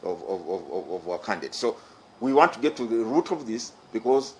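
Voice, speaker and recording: A man's voice: lowish voice, big pitch swings, normal speed, darkish tone, slight background noise, poor audio. A middle-aged man with a Ugandan English accent, chairing an electoral commission and giving a formal press conference statement, emphatic and repeating his key phrases.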